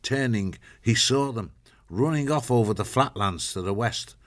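A man reading an audiobook in steady, measured scripted narration. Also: medium pitch.

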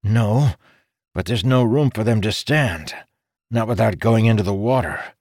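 A man voicing a wounded male conjurer who speaks in halting, strained bursts through pain. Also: lowish voice, a little mellow, dry recording, clean studio sound, voice pushed up.

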